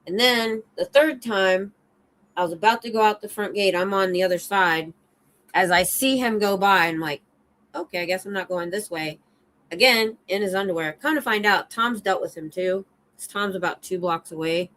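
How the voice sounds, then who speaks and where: A middle-aged woman, a security guard hosting a casual livestream chat, telling animated stories from her work. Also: medium pitch, normal speed, rough recording. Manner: animated storyteller, acts out her own shouts.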